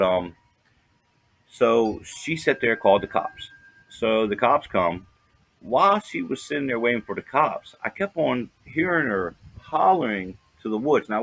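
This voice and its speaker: A man's voice: medium pitch, a bit bright. A man co-hosting a podcast, telling a rambling story full of "you know" fillers. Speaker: podcast co-host. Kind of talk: casual storytelling.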